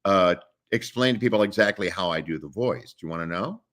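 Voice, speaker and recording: A middle-aged man, a voice actor guest, chatting casually and animatedly in an interview, sometimes dropping into growls to demonstrate. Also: fairly quick. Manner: animated storyteller, drops into deep growls to demonstrate.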